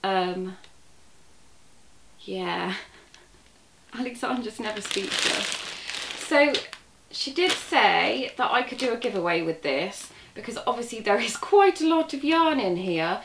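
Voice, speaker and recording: A woman chatting excitedly in a casual vlog, gushing as she unboxes a parcel, a little away from the camera. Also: medium pitch, slow, pauses often, reverberant. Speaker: crochet vlogger. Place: indoor room at a table. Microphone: camera set back from her.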